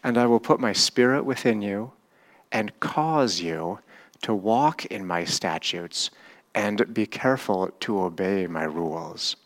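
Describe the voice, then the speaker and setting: A male pastor delivers a sermon at an unhurried pace. His voice sits on the low side, and he keeps it conversational, putting questions to his listeners as he goes. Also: animated. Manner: conversational, asks the congregation questions.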